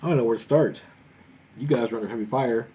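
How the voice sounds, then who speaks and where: A man's voice: mid-range voice, fast talker, lo-fi sound, noisy background. A man running a tabletop game as game master, recapping and narrating in a laid-back way.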